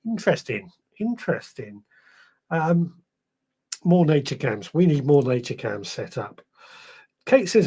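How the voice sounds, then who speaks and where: A man's voice: fairly high pitch, sing-song, unhurried, long pauses, mellow, husky. A man hosting a podcast live stream, reading out viewer comments in a rambling, chatty way, a little tired. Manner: chatty, rambling, self-correcting. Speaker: podcast host.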